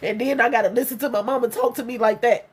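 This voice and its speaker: A young adult woman speaks in a high register, delivering a raw, emotional venting monologue. She is blunt and profane and circles back to repeat her points. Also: steady tone, quick pace, a little hiss or hum. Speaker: vlogger.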